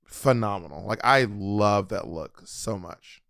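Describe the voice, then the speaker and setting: A man's voice: fairly low pitch, measured pace, creaky, a bit bright, dry recording, studio quality. A man co-hosting a podcast, chatting casually in a theatrical way and tripping over repeated words. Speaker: podcast co-host. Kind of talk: casual chat.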